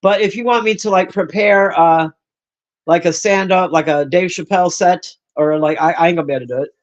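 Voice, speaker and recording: A loud, brash woman in her fifties chatting casually on a live stream from her room, teasing and roasting her viewers. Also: on the low side, a little fast, muffled recording. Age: 50s. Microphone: own desk mic.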